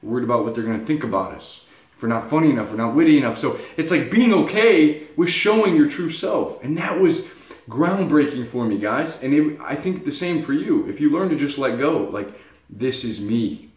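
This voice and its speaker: Speaking briskly in a fairly high voice, this young man gives crude, no-nonsense motivation on a laid-back self-help vlog. He tells his stories animatedly, and the recording has an echoey room sound.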